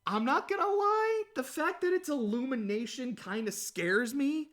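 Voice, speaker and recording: A man hosting a solo podcast, rambling and chatty, telling stories in a casual, animated way. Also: sits high. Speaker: podcast host.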